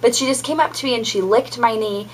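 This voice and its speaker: A woman's voice: on the high side, fast talker, a little hiss or hum, low-quality recording. A young adult woman giving a casual pregnancy update vlog, chatty and rambling with many ums and likes. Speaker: vlogger.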